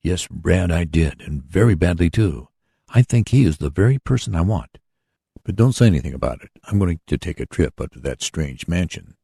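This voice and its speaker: A man voicing an eager young male inventor in a storybook reading, brisk in manner. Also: low voice, expressive, creaky, mellow, slightly rough, no room sound, clean studio sound, heavily acted.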